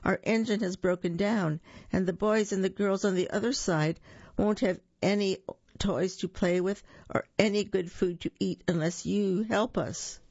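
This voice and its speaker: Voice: mid-range voice, fairly even intonation, normal speed, darkish tone, no echo, pitched above the performer's own voice, close to an everyday voice. A reader voicing a chorus of small dolls and toys who plead for help, on a dull, slightly lo-fi recording. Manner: begging, tearful.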